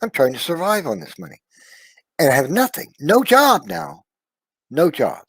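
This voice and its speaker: A man telling an emotional personal testimony, earnest and confiding, often trailing off softly and checking in with his listener. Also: a little high, sing-song, normal speed, creaky, breathy edge, no room sound. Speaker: storyteller sharing a personal testimony.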